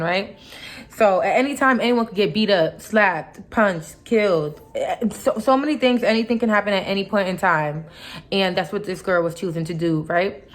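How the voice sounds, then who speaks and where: A young woman vlogger retelling a workplace clash in a heated, casual storytime, full of asides and mock quotes. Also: mid-range voice.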